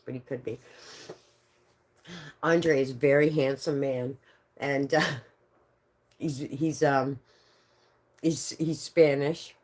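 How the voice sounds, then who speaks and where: A woman with a low, deep-set voice tells rambling stories on a live stream. She swears freely and keeps breaking into laughter through her sentences. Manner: profane, laughs often through her words. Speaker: livestreamer. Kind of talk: casual storytelling on a live stream.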